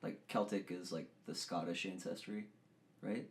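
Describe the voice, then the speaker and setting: A man hosting a podcast, chatting casually and joking, with sudden loud bursts of laughter and excitement. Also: deep voice, moderate pace. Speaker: podcast host. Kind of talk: casual chat.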